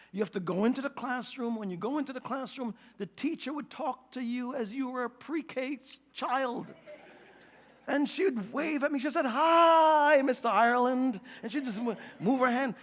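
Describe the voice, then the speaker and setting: Animated New York preacher in an echoing hall. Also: male voice, very high-pitched. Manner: animated, acts out quotes and jokes, then slows and softens for scripture. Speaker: pastor. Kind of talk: sermon.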